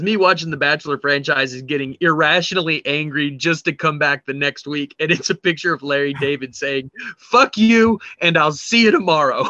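Man, fairly high voice, lively joking podcast chat, muffled sound. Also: no echo. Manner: animated, laughing, profane storytelling. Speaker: podcast co-host. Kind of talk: casual chat reading memes.

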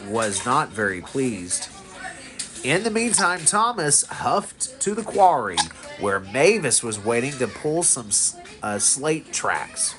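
A father reading a picture book aloud to his son, expressive with small slips. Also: mid-range voice. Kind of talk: bedtime storybook reading.

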